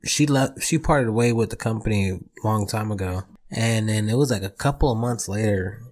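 A young man with a lowish voice chats loosely on a podcast. He talks in a relaxed, rambling way, full of swearing and casual slang. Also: moderate pace. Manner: laid-back, swears a lot, says bro and dude. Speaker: podcast co-host. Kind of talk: casual chat.

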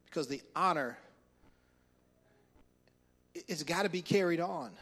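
A man's voice: a little high, unhurried, pauses often, a bit bright. A male pastor preaching a sermon, retelling a story with acted-out voices and frequent chuckles.

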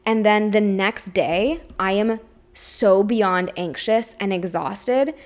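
A woman's voice: medium pitch, takes it slowly. A young adult woman hosting a solo podcast, talking openly and emotionally, with a lot of "like" in her speech. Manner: emotional, open, says "like" often. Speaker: podcast host. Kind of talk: candid solo podcast monologue.

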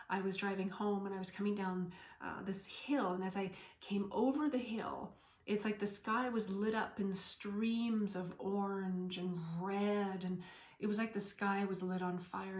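A woman talks gently in a spiritual podcast monologue and at times sinks into a soft whisper. Her voice sits in a middle pitch. The room around her sounds roomy, with an audible echo. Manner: gentle, storytelling, drops to whispers. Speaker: podcast host and medium.

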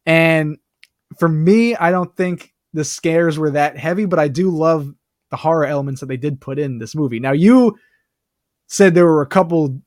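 A man with a fairly high voice chats casually as a podcast co-host. He talks in quick, animated bursts with plenty of fillers. The close mic gives a dry, deadened sound. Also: no room sound. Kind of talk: casual movie review chat.

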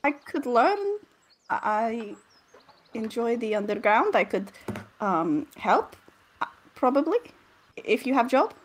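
A woman voicing an eager adventurer who speaks in halting, broken English. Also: a little high, lively intonation, rough recording. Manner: hesitant, halting phrasing.

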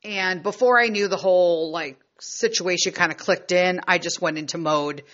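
A woman's voice: lowish voice, normal speed, a bit bright, lo-fi sound. A middle-aged woman and mother telling a personal story in a frank, heated and profane way. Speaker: vlogger and mother. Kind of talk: casual storytelling.

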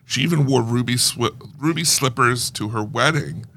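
A man's voice: mid-range voice, normal speed, vocal fry, sharp tone, slight background noise. A man co-hosting a film podcast, reading listener emails aloud in a casual way. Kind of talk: casual chat.

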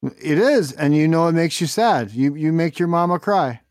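A man's voice: a little high, lively intonation, moderate pace, a little mellow, a little hiss or hum. A man making a prank phone call, mock-earnest and pushy, repeating his questions over and over. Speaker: prank caller.

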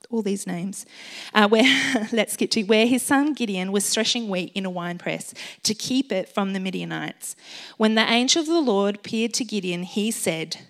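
A woman giving an informal, encouraging sermon to a gathered group, chatty and full of ums and light laughs. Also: medium pitch. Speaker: speaker sharing a Bible message.

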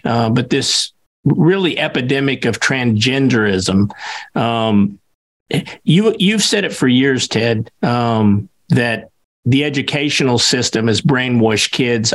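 Hesitant man co-host with fillers. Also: mid-range voice. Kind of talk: casual talk show chat.

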